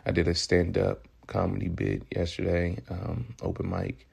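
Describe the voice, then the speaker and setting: A man's voice: low-pitched, little pitch movement, normal speed, gravelly, darkish tone, slightly rough. A man from Memphis with a Southern accent, hosting a loose, profane, joking solo podcast. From Memphis, Tennessee. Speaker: podcast host. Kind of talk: casual solo podcast monologue.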